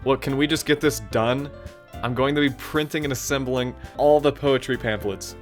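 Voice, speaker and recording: A man's voice: mid-range voice, steady tone, normal speed, soft background music, natural voice. A man reading aloud as a grumpy, impatient teenage girl. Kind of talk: reading game dialogue aloud.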